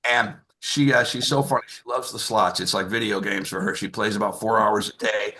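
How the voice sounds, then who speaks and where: A man's voice: fairly low pitch, steady tone, moderate pace, sharp tone. A man in his sixties telling a rambling stand-up story over a video call, full of fillers and restarts. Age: 60s. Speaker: comedian.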